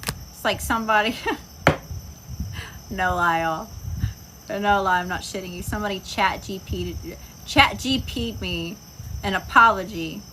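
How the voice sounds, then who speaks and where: A woman reads tarot cards in a loose, blunt, heavily profane way, hammering her points home. Her voice sits at an ordinary middle pitch. Crickets and insects chirp clearly behind her. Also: steady tone, unhurried, pauses often, background noise. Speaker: tarot reader. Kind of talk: casual tarot reading.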